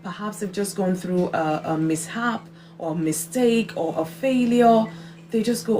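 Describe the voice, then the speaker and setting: A woman's voice: mid-range voice, moderate pace, warm tone. A woman hosting a faith livestream, giving an earnest, emphatic devotional talk and repeating key phrases for weight. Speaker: host of a faith encouragement livestream.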